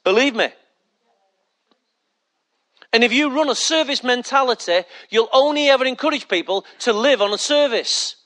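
A man's voice: very high-pitched, animated, moderate pace, pauses often, a bit bright. A man preaching a sermon as pastor, emphatic and joking as he speaks straight to the congregation.

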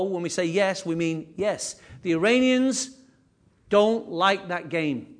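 A man preaching a sermon as pastor, animated and repetitive, with conversational asides. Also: high voice. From England.

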